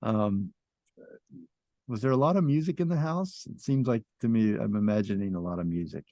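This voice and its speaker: A man's voice: on the low side, moderate pace, warm tone, no echo. A man hosting a talk show, asking questions with easy enthusiasm and curiosity. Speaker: podcast host. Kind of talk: casual interview chat.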